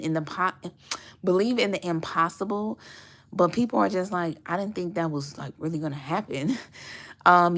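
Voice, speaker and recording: A woman with a low voice that has a gravelly edge chats her way through a tarot reading for her viewers. She is loose and conversational, trailing into fillers and small laughs. Her tone stays relaxed and familiar throughout. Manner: chatty, lots of fillers and little laughs. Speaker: tarot reader.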